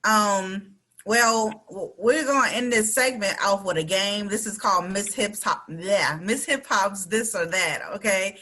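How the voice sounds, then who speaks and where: A woman with a bright, forceful voice hosts a relaxed online radio interview. She is chatty and playful, slips into slang and laughs easily while running a quick this-or-that game with her guest. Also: medium pitch. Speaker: radio show host. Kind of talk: casual interview chat. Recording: online live-stream interview.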